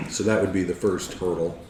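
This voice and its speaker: A man running a tabletop game as game master, hesitant, with many fillers and throat clearing. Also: sits low, fairly even intonation, unhurried, echoey room, background noise.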